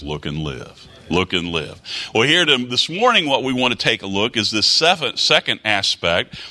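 A man preaching a sermon, reading scripture aloud in old-fashioned wording and rising and falling in pitch for emphasis. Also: pushed and bright. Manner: rises and drops in pitch for emphasis.

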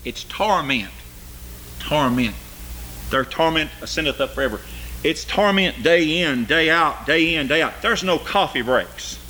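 An older man preaching a sermon, swinging between loud high cries and low, quiet asides. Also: lively intonation, a little slow, a little hiss or hum.

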